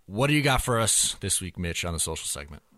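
Low-voiced teasing male podcast host. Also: big pitch swings, quick pace, pushed and bright, no echo, studio quality. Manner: teasing, laid-back, leads segments. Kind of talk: casual sports podcast chat.

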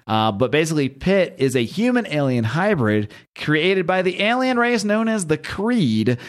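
A man hosting a casual podcast, chatting and recapping a comic book, often acting out the characters and laughing at himself. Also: mid-range voice. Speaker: podcast host.

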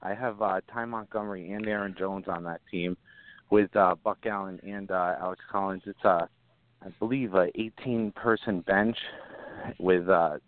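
A man calling into a show, nervous and halting, laughing between words. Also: low-pitched, fairly even intonation. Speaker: caller. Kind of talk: casual chat. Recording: tinny phone line.

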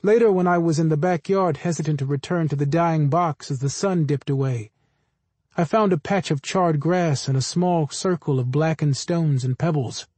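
A man narrating a first-person audiobook in a plain, even storytelling manner. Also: fairly high pitch, moderate pace, dry recording.

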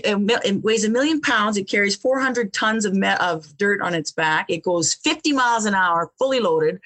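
A woman guest telling her life story in an interview, animated, often repeating words and laughing between phrases. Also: mid-range voice. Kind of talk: personal storytelling in conversation.

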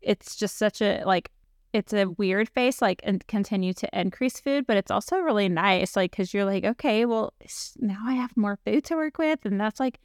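Rambling woman coach with gravelly edge. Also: medium pitch, animated, moderate pace, no echo, studio quality. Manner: rambling, many fillers and restarts. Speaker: fitness coach, host. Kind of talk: casual podcast chat.

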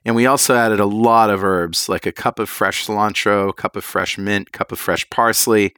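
Male co-host, lowish voice, rambling casual cook-talk, dry close mic. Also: normal speed, smooth, no room sound. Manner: rambling, relaxed, laughs easily. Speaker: cooking podcast co-host. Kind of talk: casual chat.

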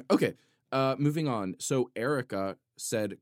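A man reading viewer comments in a casual comedic monologue, playfully indignant, swinging from loud outbursts to low muttering. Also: lively intonation, unhurried, dry recording, studio quality. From Italian heritage.

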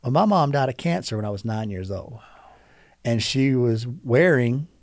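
A man's voice: medium pitch, animated, normal speed, darkish tone, dry recording, clean studio sound. A man guest on a podcast, telling an emotional personal story in an earnest way and acting out the voices of the people he quotes.

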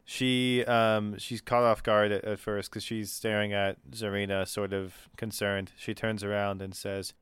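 A man's voice: on the low side, little pitch movement, measured pace, hardly any pauses, fairly bright tone, clean tone, dry recording. A man narrating a tabletop game as game master, hesitant with many fillers.

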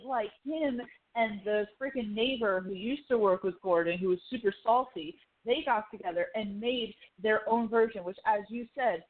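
A woman co-hosting a casual chat about a TV show, excitable and swearing as she retells scenes. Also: medium pitch. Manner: excitable, swearing, laughing asides. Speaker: podcast co-host. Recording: tinny phone-like line.

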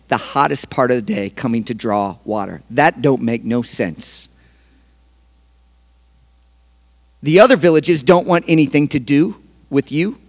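A preacher voicing a hushed, kindly man speaking frankly. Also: medium pitch, pitched below the performer's own voice, close to an everyday voice. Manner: hushed, kind yet frank. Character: calm grown man gently confronting a woman.

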